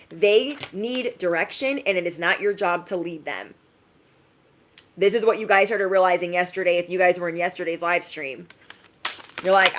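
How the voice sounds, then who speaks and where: A woman giving a casual, emphatic live-stream reading, chatty and quick to laugh. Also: mid-range voice. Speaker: tarot reader.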